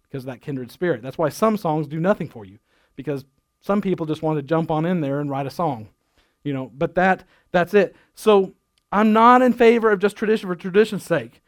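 A man's voice: fairly high pitch, a little fast. A middle-aged male pastor giving a sermon in a folksy, storytelling way, chuckling at his own jokes.

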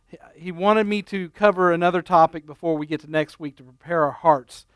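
A man preaching a sermon, a folksy storyteller telling humorous stories at an unhurried pace with frequent ums and restarts. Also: on the high side, fairly bright tone, clear, resonant tone, no echo. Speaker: pastor.

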